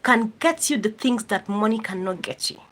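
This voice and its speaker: A woman's voice: mid-range voice, moderate pace, a bit bright, low-quality recording. A woman hosting a live stream, reading viewer comments aloud and answering them directly, repeating phrases for emphasis. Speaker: YouTube host reading live chat.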